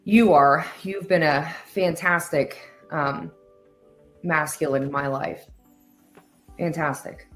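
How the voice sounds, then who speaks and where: Woman host, low-ish pitch, unhurried and heartfelt, faint music under her. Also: steady tone. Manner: emotional, earnest, many fillers and trailing pauses. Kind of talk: heartfelt casual talk show chat.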